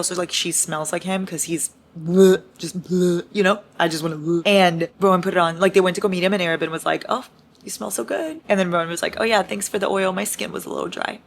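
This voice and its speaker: A young woman vlogging at home as she reads, gushing, swearing and squealing with excitement. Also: on the low side, a little hiss or hum. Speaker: book vlogger. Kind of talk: excited reading vlog chat. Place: home with noisy household.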